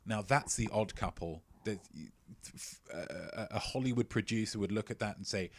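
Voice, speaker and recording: A man's voice: fairly low pitch, normal speed, dry recording. Dry, rambling, joking male quiz host. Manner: playful, rambling, self-mocking jokes; stumbles and repeats phrases. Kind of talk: live-streamed quiz banter.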